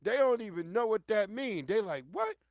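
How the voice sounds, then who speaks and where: Blunt, animated New streamer. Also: male voice, sits high, moderate pace, no room sound. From New York. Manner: animated, blunt, profane storytelling. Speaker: livestream host. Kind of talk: casual commentary.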